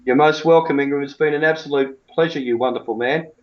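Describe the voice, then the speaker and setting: A man's voice: a little high, fairly even intonation, quick pace, dull audio, a little hiss or hum. A man who coaches cricket, talking bluntly and emphatically in a colloquial interview.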